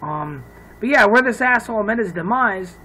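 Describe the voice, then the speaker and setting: A man's voice: sits high, animated, moderate pace, sharp tone, a little hiss or hum, rough recording. A man from upstate New York ranting on his own vlog, swearing freely and laughing at his own jokes. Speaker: vlogger.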